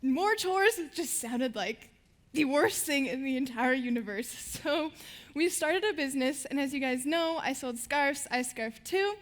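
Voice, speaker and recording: A woman's voice: high voice, animated, measured pace. A teenage girl giving a stage talk to an audience, telling her stories in a bubbly way and laughing between lines. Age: teens. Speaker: student speaker on stage. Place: stage before a live audience.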